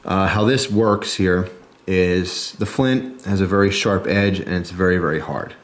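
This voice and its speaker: Low-voiced chatty man with a New Jersey accent. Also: measured pace. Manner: chatty, jokey asides, frequent "okay?" and "right?". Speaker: survival video host. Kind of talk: casual show-and-tell talk.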